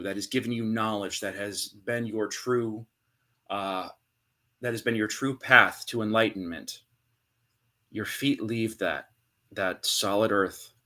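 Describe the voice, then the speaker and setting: A man narrating a tabletop game as game master, with dramatic storytelling and hushed pauses. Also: medium pitch.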